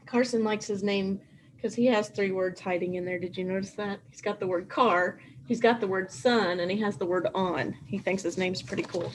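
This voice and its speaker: A middle-aged woman teaching a remote first grade writing lesson at home, in a sing-song, animated way, stretching out letters and sounds. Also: mid-range voice, moderate pace, a little hiss or hum.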